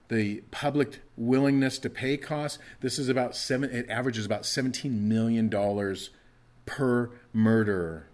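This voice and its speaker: A middle-aged man, a pastor, preaching a sermon and acting out anguished prayers with rising intensity. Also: mid-range voice.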